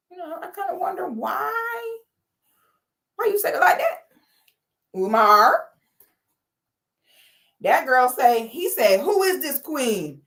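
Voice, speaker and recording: A woman hosting a casual livestream, telling a story with animated quoting and reading viewer comments aloud. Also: high voice, unhurried. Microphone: camera or phone mic on a live stream.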